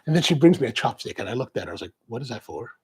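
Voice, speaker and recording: A man's voice: mid-range voice, very animated, racing, a little mellow, slightly rough. A middle-aged man telling a casual, rambling story, often stopping and restarting, with an amused tone. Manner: rambling, self-interrupting, amused. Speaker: coffee vlogger. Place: suburban Baltimore area.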